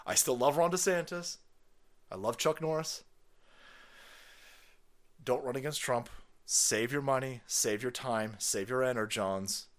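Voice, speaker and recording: A middle-aged man hosting a casual livestream, rambling and profane, reading chat and bursting into yells and laughter. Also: mid-range voice, unhurried, pauses often. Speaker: livestream host.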